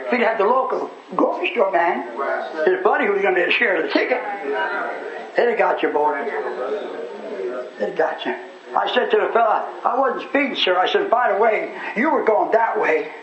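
A man, a radio preacher telling a folksy story that rises into fervent shouting. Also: high-pitched. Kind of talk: storytelling sermon. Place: church hall. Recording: echoey hall, muffled, loud congregation.

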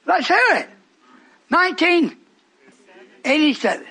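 A man's voice: very high-pitched, big pitch swings, unhurried, gravelly, sharp tone. An older man preaching a fervent, rambling radio sermon to his congregation in a church hall, breaking off into stories.

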